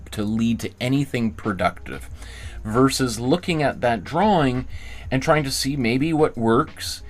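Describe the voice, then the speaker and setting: A man teaching a relaxed live drawing class, chatting as he goes and often circling back to restart a thought. His mid-pitched voice swoops up and down with lively energy and jumps high whenever he acts out someone else's words. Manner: casual, rambling, encouraging, restarts phrases often. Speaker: art teacher.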